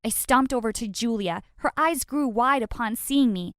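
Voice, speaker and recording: A woman tells an animated storytime with sassy, dramatic flair and plenty of exclamations. Her voice sits fairly high. The recording is dry and close, with no room sound. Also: normal speed, smooth, no room sound.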